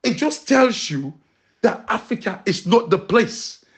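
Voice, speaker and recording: A woman's voice: medium pitch, expressive, a little slow. A woman from Sierra Leone with a Krio accent, giving emphatic political commentary full of rhetorical questions and switching between Krio and English.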